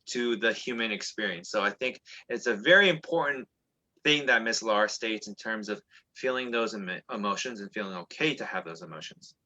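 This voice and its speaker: Man, co-host, animated, chatty, muffled lo-fi sound. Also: lowish voice, fairly quick. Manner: animated, chatty, many fillers and restarts. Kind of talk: casual discussion. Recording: dull lo-fi sound.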